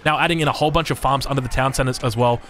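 A man's voice: mid-range voice, rapid-fire. A man with an Australian accent giving chatty play-by-play commentary on a strategy game, correcting himself and breaking into hype at big moments. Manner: chatty, self-correcting, bursts into excited hype. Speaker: game caster.

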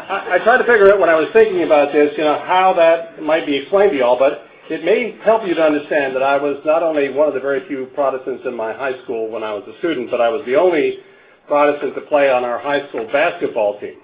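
A man's voice: on the high side, fast talker. An older man from Canada giving a conference lecture, a wry storyteller who chuckles at his own jokes and stumbles over restarts. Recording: phone-like narrow band.

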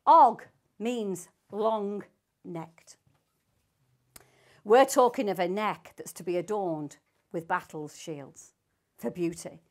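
A woman's voice: on the high side, a little slow. An older woman teaching the Bible to a small group, reading scripture aloud and asking her listeners emphatic questions.

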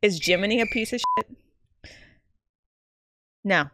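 A young woman giving animated, profane commentary as she plays a video game live, gasping and joking at the screen. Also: medium pitch, slow, a little hiss or hum. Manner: animated, swearing, often laughing and gasping. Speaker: streamer. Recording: game music playing behind.

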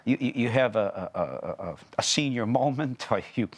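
A man's voice: medium pitch, animated, moderate pace, husky. An older man, an actor and former opera singer, talking chattily as a TV interview guest, rambling with restarts. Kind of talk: TV interview conversation.

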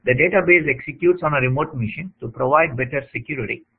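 A man's voice: fairly high pitch, quick pace, slightly rough. A man explaining lecture slides, checking in often with "okay?" and "right?" as he teaches. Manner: plain teaching tone with frequent "okay?" check-ins. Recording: tinny phone-like audio.

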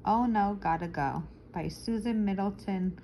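A woman reading a children's picture book aloud, expressive and stopping to explain words to young listeners. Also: mid-range voice, unhurried, noisy background. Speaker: storyteller for children.

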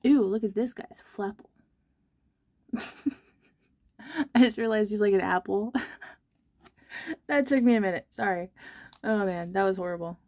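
A woman's voice: medium pitch, a little slow, long pauses, mellow, no echo. A young woman chatting casually and self-deprecatingly while she opens trading card packs on her channel. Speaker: card-opening vlogger.

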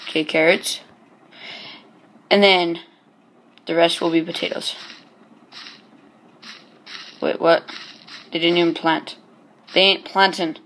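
Slow, hesitant male game commentator. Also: on the high side, level tone, a bit bright. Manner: hesitant, many ums and restarts; chatty and joking. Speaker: gameplay channel host. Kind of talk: casual gameplay commentary.

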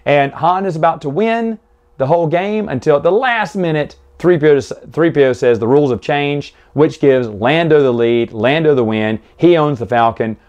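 A man's voice: fairly high pitch, normal speed, darkish tone, muffled recording. A man hosting a casual book recap, talking with enthusiasm and rambling through restarts. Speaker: book review host.

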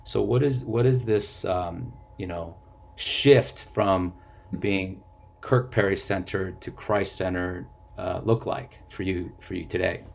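A man hosting an interview with a very deep, low voice. He murmurs softly in agreement, then builds his follow-up questions slowly, repeating himself along the way. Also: steady tone, creaky. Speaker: host.

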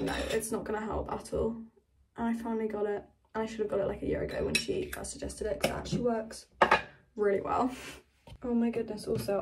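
A woman's voice: a little high, noisy background. A teenage girl vlogging at home in casual chat, gushing and dramatic, swearing freely.

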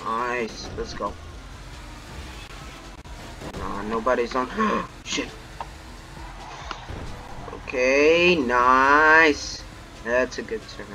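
A young man giving live commentary on a co-op game, excitable and foul-mouthed, yelling at his teammate. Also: mid-range voice, drawn-out words, pauses often, noisy background. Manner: excitable, swears a lot, shouts at his teammate. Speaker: gamer playing co-op missions.

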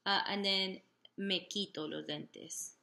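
A woman teaching a language lesson slowly and patiently, sounding out example phrases carefully and pausing on fillers. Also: medium pitch, steady tone, vocal fry, sharp tone. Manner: slow, deliberate, with many fillers. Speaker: Spanish teacher.

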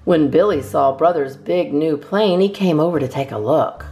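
A woman narrating a children's storybook aloud in a lively, expressive way. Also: low voice, moderate pace, soft background music.

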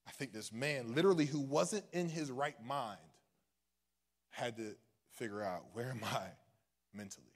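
A young man from Ohio preaching a sermon as a minister, talking conversationally with joking asides and swinging from hushed lines to loud ones. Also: medium pitch, moderate pace. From Ohio, United States.

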